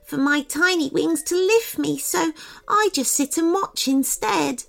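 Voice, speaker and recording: A woman voicing a large, cheerful male fairy who cannot fly, warm and upbeat. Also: sits high, measured pace, vocal fry, pitched above the performer's own voice, heavily acted.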